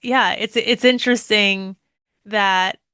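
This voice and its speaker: A woman co-hosting a podcast in casual chat, talking in quick bursts with many fillers and restarts. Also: mid-range voice, steady tone, sharp tone, clean tone, no room sound, clean studio sound. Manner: chatty, many fillers and restarts, laughs often. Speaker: podcast co-host.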